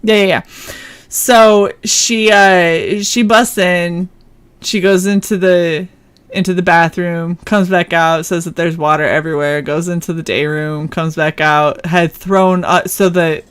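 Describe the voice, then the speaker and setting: A woman's voice: on the low side, steady tone, measured pace, smooth. A young adult woman co-hosting a stream, telling a story casually, swearing and laughing often. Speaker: stream co-host.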